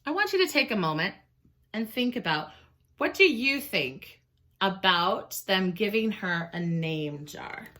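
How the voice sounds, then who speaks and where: A woman teacher reading a picture book aloud to children, expressive and pausing to ask questions. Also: medium pitch. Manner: expressive, explains and asks questions.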